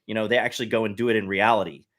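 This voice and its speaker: A man's voice: lowish voice, fairly even intonation, racing, fairly bright tone. A man, a guest on a podcast, talking at length in an earnest, explaining way with frequent restarts. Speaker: podcast guest, satire site head. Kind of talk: casual podcast conversation.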